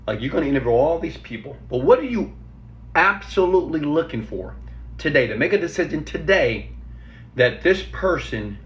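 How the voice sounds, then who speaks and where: Emphatic motivational man in a roomy space. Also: fairly high pitch. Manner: animated, emphatic, slows down for stress, asks viewers for thumbs up. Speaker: motivational speaker giving job interview tips. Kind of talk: energetic motivational talk to camera. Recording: roomy, slightly dull recording.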